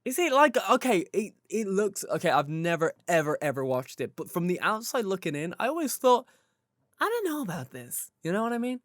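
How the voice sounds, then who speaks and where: A young man co-hosting a casual podcast chat, animated and swearing freely as he tells stories. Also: high voice, brisk, few pauses, dry recording, studio quality. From Ireland. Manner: animated, swears a lot, laughs while telling stories. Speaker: podcast co-host.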